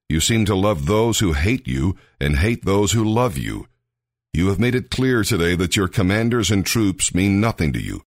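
A man's voice: sits low, no echo, clean studio sound. A man voicing a stern male army commander who speaks firmly and scolds.

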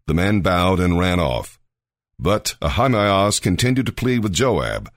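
A man reading scripture aloud in a measured, expressive manner. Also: deep voice, dry recording, studio quality. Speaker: scripture reader.

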